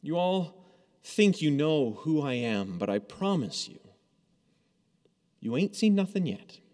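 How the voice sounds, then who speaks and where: A man's voice: on the high side, expressive, slow pace, a little mellow. A man voicing Jesus as patient and casually teasing toward his disciples, within a sermon recorded in a long-reverb hall.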